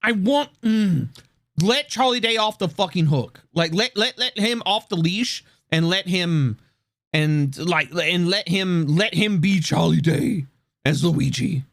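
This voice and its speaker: A man streaming live, reacting loudly with lots of swearing and laughter. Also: sits high, animated, slow pace, gravelly, no room sound, clean studio sound. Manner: loud, profane, laughing often.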